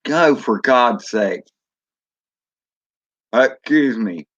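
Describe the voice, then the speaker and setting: A man's voice: medium pitch, lively intonation, drawn-out words, fairly bright tone, dull audio. A man chatting casually on a drone hobby live stream, rambling and answering viewers as he goes. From Florida. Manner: rambling, chatty, reads chat aloud.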